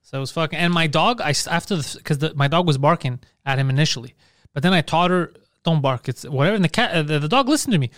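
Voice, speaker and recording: A man co-hosting a comedy podcast, telling profane stories in casual chat and acting out his own yelling. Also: fairly high pitch, animated, fast talker, no echo, clean studio sound. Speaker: podcast co-host.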